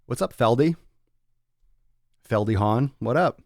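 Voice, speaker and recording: A man's voice: fairly low pitch, unhurried, long pauses, dry recording, clean studio sound. A man hosting a fitness podcast, ranting bluntly with lots of swearing and tough-love talk. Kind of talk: casual podcast rant.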